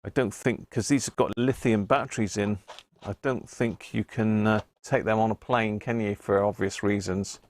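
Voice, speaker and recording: Male stream host, lowish voice, dry close sound, chatty and rambling as he answers viewers. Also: steady tone, moderate pace, a little mellow, no room sound. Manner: chatty, rambling, with restarts while reading chat aloud. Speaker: host of a radio-hobby live stream. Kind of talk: casual live-stream chat answering viewers.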